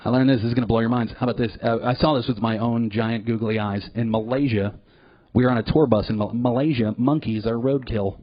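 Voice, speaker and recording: A man performing a live stand-up set in a comedy club, animated and profane, jumping now and then into loud put-on voices. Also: mid-range voice, fast, no echo. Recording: dull lo-fi live recording.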